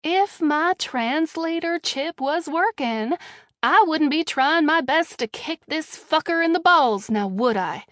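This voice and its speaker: A woman's voice: fairly high pitch, animated, moderate pace, no echo, studio quality. A woman voicing a brash, sarcastic young woman who swears freely, as audiobook dialogue. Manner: sarcastic, foul-mouthed.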